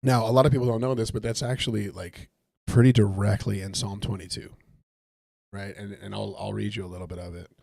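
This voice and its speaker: A man's voice: lowish voice, steady tone, a little fast, vocal fry, a little mellow, no echo. A man leading a casual Bible study while gaming, talking it through conversationally with frequent restarts. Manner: conversational, thinks aloud with restarts. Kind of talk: casual Bible teaching while playing a video game.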